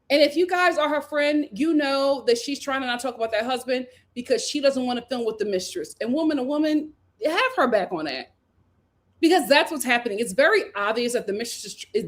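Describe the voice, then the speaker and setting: A woman hosting a casual reality TV recap, chatty and opinionated, often laughing and full of "like" and "you know". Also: a little high. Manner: laughs often while talking. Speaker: host.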